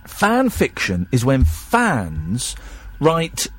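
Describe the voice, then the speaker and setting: A tired man hosts a late-night radio show, chatting and rambling with plenty of self-deprecation. His pitch swings in a lively way and his voice carries a slight husk. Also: drawn-out words, breathy edge.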